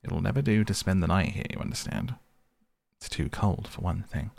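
A man's voice: deep voice, animated, moderate pace, creaky, a little mellow, dry recording, exaggerated voice. A man voicing a good-natured brave old water rat. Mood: hearty. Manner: soothing, cheerful and reassuring.

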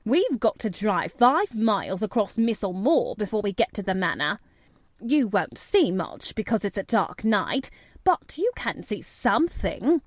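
Woman reading as a brisk housekeeper. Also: medium pitch, big pitch swings, no echo. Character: brisk middle-aged Yorkshire housekeeper woman.

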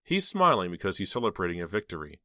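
A man's voice: low-pitched, wildly swooping pitch, fast, pushed and bright, dry recording, studio quality, full character voice. A man reading an audiobook and voicing a bitter, resentful teenage girl who speaks in a cold, scornful way.

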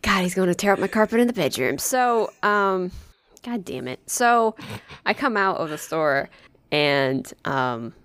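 A young woman rambles through stories on a podcast, swearing freely and stacking fillers. Her voice sits fairly low but swoops widely in pitch, and the sound is close and dry. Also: lively intonation, unhurried, fairly bright tone, no echo. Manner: profane, rambling storyteller with frequent fillers. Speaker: podcast co-host. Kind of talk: casual chat.

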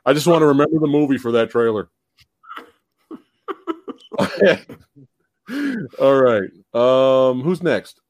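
Male live-stream host, expressive swinging pitch, loose and profane, plenty of laughter. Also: slow, pauses often, no echo. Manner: animated, laughs often, swears casually. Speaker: podcast host. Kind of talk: casual live-stream movie chat.

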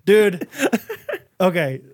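A man co-hosting a podcast, ranting casually in an animated way. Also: high-pitched, drawn-out words. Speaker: podcast co-host. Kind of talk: casual chat.

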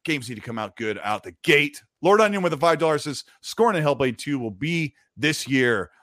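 A man's voice: on the high side, normal speed, dry recording, clean studio sound. A man hosting a casual gaming livestream, reading viewer messages aloud and laughing between stories. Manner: laughing, animated storytelling.

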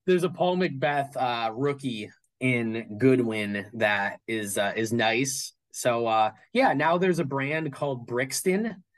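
A man's voice: medium pitch, slow, poor audio. Rambling man chatting as a guest. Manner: rambling, full of fillers and restarts. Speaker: guest card collector. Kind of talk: casual interview chat.

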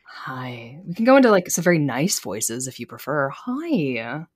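Low-voiced jokey woman podcaster. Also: big pitch swings, fast talker, slightly rough, dry recording, studio quality. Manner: rambling, jokey, self-deprecating. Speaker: podcast co-host. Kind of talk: casual chat. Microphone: plugged into a laptop.

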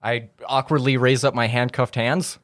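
A man's voice: mid-range voice, fairly even intonation, normal speed, a bit bright, dry recording, clean studio sound. Joking male tabletop player. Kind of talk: tabletop role-play banter.

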